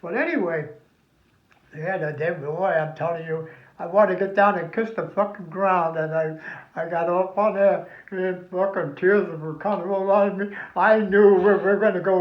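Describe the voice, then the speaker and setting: Older man, rambling and profane, with a fairly high voice, in a roomy, dull lo-fi recording. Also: fairly even intonation, moderate pace. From New Jersey. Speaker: veteran telling family stories. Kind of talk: casual reminiscing.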